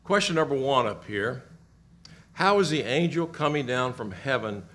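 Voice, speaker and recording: A middle-aged man from Kentucky leads a Bible class in a church classroom. He asks the group questions, echoes their answers and leans on key words with lively emphasis. His voice sits at an ordinary middle pitch. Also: normal speed.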